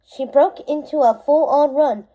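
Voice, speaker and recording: A woman reading a novel aloud chapter by chapter, in steady narration that sometimes slips and corrects itself. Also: high voice, measured pace, low-quality recording. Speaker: storybook reader.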